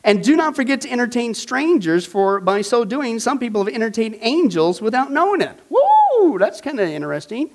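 A male pastor teaching a Bible study class, animated and emphatic, with exclamations and repeated phrases. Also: extremely high pitch, normal speed, few pauses.

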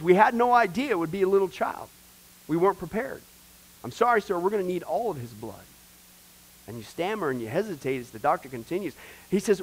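Male church class teacher, high-pitched, conversational preaching style, keeps checking in with the group. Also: low-quality recording. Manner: conversational, asks the class rhetorical questions. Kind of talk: sermon-style Bible lesson.

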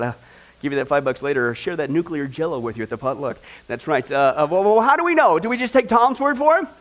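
An American man preaching a sermon, animated and emphatic, asking his listeners questions and joking along the way. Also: high voice. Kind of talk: sermon with humor.

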